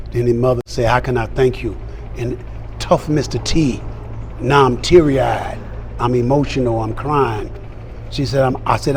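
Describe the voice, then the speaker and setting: A man's voice: medium pitch, darkish tone, a little hiss or hum. An older man telling stories as a celebrity guest, emphatic and acting out the dialogue of the people in his stories. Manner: emphatic, acts out quoted dialogue. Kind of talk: storytelling interview. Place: fan convention.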